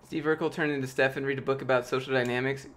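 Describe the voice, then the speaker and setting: A man's voice: mid-range voice, fairly even intonation, quick pace, fairly bright tone. A young man chatting casually on a live stream, answering chat with rambling, jokey, profane talk.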